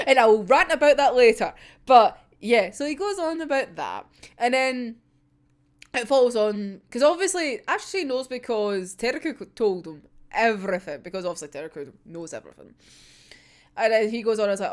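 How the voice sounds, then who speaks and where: A woman's voice: a little high, normal speed. A young woman casually recapping a manga chapter, rambling and swearing, breaking into frequent laughter. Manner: excitable, rambling, swears a lot, laughs often. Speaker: manga reaction vlogger.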